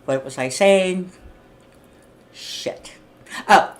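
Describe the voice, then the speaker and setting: A middle-aged woman ranting to camera in a blunt, profane, heated way, often clearing her throat. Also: lowish voice, drawn-out words. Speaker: vlogger. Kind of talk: unscripted rant to camera. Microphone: streaming setup mic.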